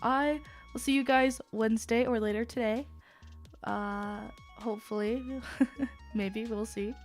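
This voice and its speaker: A woman's voice: a little high, fairly even intonation, a little slow, soft background music. A woman streamer in casual live-stream chat, sounding sick as she rambles apologetically between sighs and groans.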